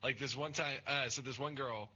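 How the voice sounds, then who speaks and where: A young man with a very bright, edgy tone tells crude, rambling stories full of fillers. The recording is dull and lo-fi, with a faint hiss underneath. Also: medium pitch, steady tone, normal speed. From Nebraska. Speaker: podcast co-host. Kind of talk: casual storytelling chat. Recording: dull lo-fi sound with faint noise.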